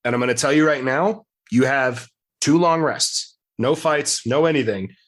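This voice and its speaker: Casual game master. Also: male voice, medium pitch, moderate pace, a bit bright. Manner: casual, swears freely, laughs between points. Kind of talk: explaining rules and narrating a tabletop game.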